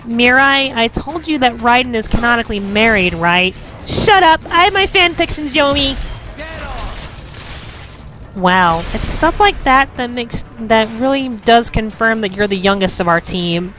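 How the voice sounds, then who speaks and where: Woman, high voice, gaming commentary, playful, bickering, faint music. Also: normal speed, hardly any pauses, fairly bright tone. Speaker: let's play host.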